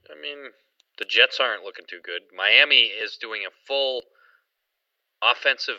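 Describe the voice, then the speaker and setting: A man's voice: medium pitch, normal speed, bright, forceful tone, no echo. A man co-hosting a sports podcast in easygoing chat, often hedging with "I mean". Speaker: podcast co-host. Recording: dry, dull lo-fi podcast audio.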